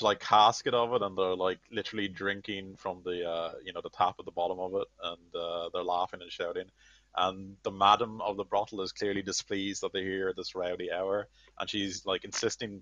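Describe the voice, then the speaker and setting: Deep-voiced man narrating a tabletop game. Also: level tone, a little fast, a bit bright, no room sound, muffled recording. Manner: rambling with many fillers. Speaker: game master.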